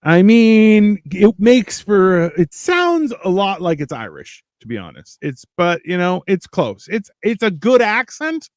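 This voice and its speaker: A man's voice: high voice, sing-song, unhurried, hardly any pauses, dry recording. A man hosting a podcast, chatting casually in a rambling, joking, self-mocking way. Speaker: podcast host. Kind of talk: casual comedic chat.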